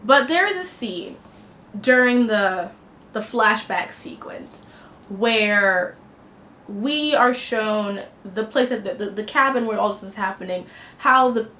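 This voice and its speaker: A woman's voice: medium pitch, lively intonation, takes it slowly, pushed and bright. Indignant woman reviewing a film. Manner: indignant, impassioned, blunt. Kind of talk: opinionated spoken film review. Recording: echoey room with faint noise.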